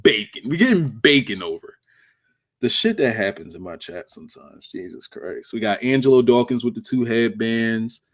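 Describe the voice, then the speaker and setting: A man's voice: mid-range voice, expressive, normal speed. A man hosting a casual livestream review of a wrestling show, cursing freely, laughing often and joking with his chat.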